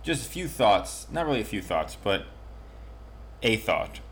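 A man hosting a podcast in casual chat, joking in a dry, deadpan way. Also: on the low side, a little slow, a little hiss or hum. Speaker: podcast host.

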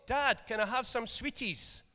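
A pastor voicing a whiny little child begging for sweets, pleading in a high put-on voice. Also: male voice, a little slow, pushed and bright, in a large hall, full character voice. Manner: pleading, whining.

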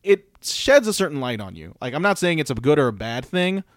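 A man talks in a loose, rambling way, often stopping and restarting mid-thought. His voice sits in an ordinary middle pitch. The sound is dry and close, with no room around it. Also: big pitch swings, dry recording. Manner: rambling, halting, many restarts. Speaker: podcast co-host. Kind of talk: casual chat.

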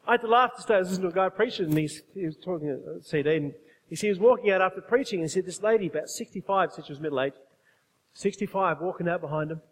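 High-voiced preacher in a hall. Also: male voice, fast talker. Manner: emphatic, asks the congregation questions. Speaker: pastor. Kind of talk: sermon.

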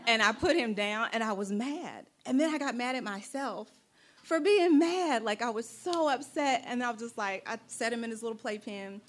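A young adult woman telling a personal story in an animated, playful way, acting out the voices she quotes. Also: fairly high pitch, a little fast, hardly any pauses.

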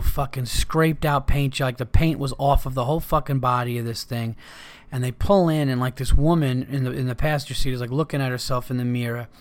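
A man's voice: mid-range voice, a bit bright. A man hosting a podcast and telling a casual, rambling anecdote with plenty of swearing. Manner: rambling, profane, laid-back anecdotes. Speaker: podcast host. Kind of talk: casual storytelling.

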